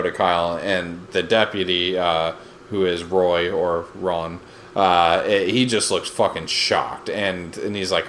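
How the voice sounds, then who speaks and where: A man's voice: low voice, fairly even intonation, measured pace, fairly bright tone, slight background noise. A man co-hosting a podcast, recapping a TV episode in loose, rambling casual chat with lots of fillers. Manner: rambling, fillers, quotes scenes with put-on voices. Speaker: podcast co-host.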